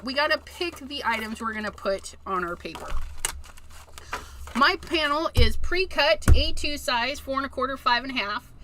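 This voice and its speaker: Slow, bright-voiced woman crafting live. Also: a little high, slight background noise. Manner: chatty, addresses viewers as "you guys", giggly asides. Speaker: card-making live streamer. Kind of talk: casual live-stream craft demo.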